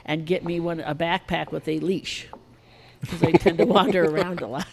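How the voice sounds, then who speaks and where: Older woman, podcast guest, lower-pitched voice, animated, swears freely. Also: moderate pace, creaky, a loud crowd. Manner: animated, swears casually, acts out shrill child voices. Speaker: guest storyteller. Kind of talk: casual podcast storytelling.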